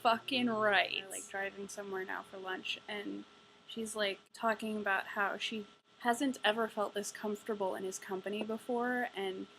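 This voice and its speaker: A woman's voice: mid-range voice, little pitch movement, moderate pace, vocal fry, fairly bright tone, slight background noise, poor audio. A young woman giving a casual ranting book review, exasperated, sarcastic and profane. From United States.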